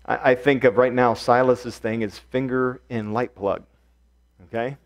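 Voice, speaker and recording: A male pastor giving an earnest sermon, repeating key phrases and swinging from hushed, soft passages to loud emphatic ones. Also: mid-range voice, fairly even intonation, unhurried.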